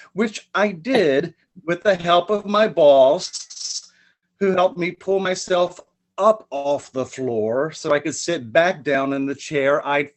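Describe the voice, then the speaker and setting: A spoken word poet performs a story piece with dramatic emphasis. His voice sits higher than most men's, and he comes through over a video call.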